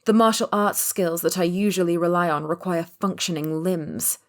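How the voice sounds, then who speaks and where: Brief: woman narrator, lowish voice, tense wry first-person storytelling. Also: moderate pace. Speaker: audiobook narrator.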